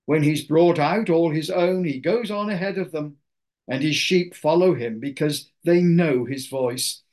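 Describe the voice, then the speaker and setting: A man preaching a sermon, reading scripture aloud and explaining it with slow, deliberate emphasis. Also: fairly high pitch, darkish tone.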